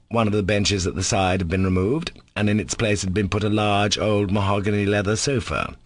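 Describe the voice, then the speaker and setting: Low-voiced man reading a classic novel. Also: dry recording. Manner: steady, measured reading. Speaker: audiobook narrator. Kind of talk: scripted narration.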